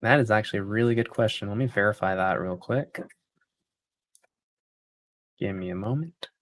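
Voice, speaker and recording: A man's voice: lowish voice, moderate pace, no room sound. A man hosting a casual livestream and answering viewer questions in an easygoing way. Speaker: PC company livestream host.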